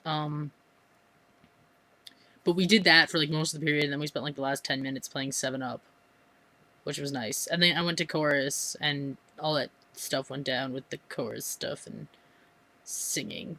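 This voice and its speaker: Chatty American teen girl, bright voice. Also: deep voice, steady tone, moderate pace, pauses often. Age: teens. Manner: chatty, rambling, many fillers and restarts. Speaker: vlogger. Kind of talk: casual rambling vlog.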